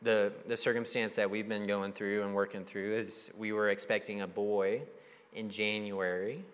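A young man preaching a sermon as a pastor, talking in a conversational, animated way and acting out the voices he quotes. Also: on the low side, normal speed. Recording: long hall reverb.

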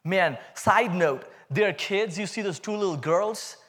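Man, Indian accent, high voice, church testimony, animated, humorous. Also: measured pace. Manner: animated, humorous storytelling that addresses the congregation. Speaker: guest speaker giving testimony. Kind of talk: testimony sermon.

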